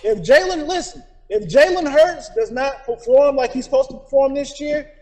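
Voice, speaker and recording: A man co-hosting a casual podcast, loud and excitable, with profane trash talk about his football team. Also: very high-pitched, moderate pace, poor audio. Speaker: podcast co-host. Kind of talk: casual chat.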